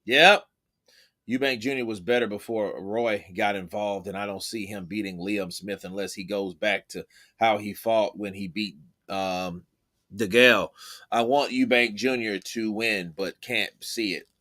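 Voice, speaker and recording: A man hosting a casual live-stream boxing commentary, reacting to the fight and reading the chat in quick, excitable bursts. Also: on the low side.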